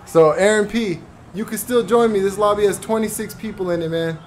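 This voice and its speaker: A man in his own voice, chatting loosely with his live stream viewers between bits of play. He sounds laid-back and unhurried, with faint noise behind him. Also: high-pitched. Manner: laid-back, talking to chat. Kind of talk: casual live stream chat.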